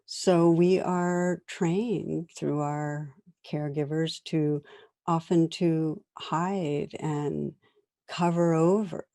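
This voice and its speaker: A middle-aged woman meditation teacher giving a conversational dharma talk to a class, with gentle laughs as she tells stories. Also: sits low, no room sound, clean studio sound.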